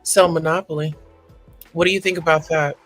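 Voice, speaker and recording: A man's voice: on the high side, level tone, fairly quick, fairly bright tone, soft background music. A man hosting a live talk stream, commenting in a casual and earnest way. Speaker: livestream host.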